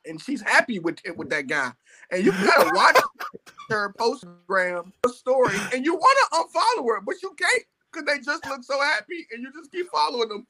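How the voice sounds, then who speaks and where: A man with a high, lively voice talking sports on a debate panel. His tone is bright and his delivery bounces all over. He jokes around and hams up his feelings. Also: moderate pace. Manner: playful, animated, mock-emotional.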